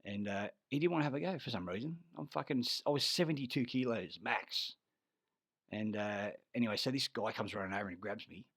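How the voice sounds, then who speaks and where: A man's voice: on the low side, brisk, no echo. An Australian army veteran telling rambling, profane stories, often losing his thread and growing heated. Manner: grows loud and heated retelling a fight. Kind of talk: rambling personal storytelling.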